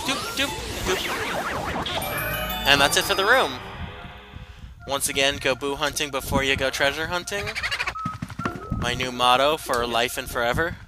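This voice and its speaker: A man's voice: medium pitch, moderate pace, pauses often, rough recording. Rambling young man streaming a game. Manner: rambling, self-deprecating, talks to viewers. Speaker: gameplay streamer. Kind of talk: casual let's-play commentary. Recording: game music loud behind voice. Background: game music.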